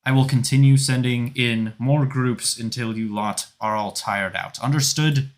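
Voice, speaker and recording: A man's voice: medium pitch, fairly even intonation, a little slow, natural voice. Man putting on a stern barking woman commander. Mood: commanding. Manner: barking loud orders.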